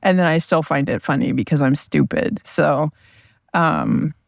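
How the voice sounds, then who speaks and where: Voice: mid-range voice, lively intonation, unhurried, creaky, dry recording, clean studio sound. A podcast host talking casually on their own, rambling and self-deprecating. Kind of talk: casual solo podcast monologue.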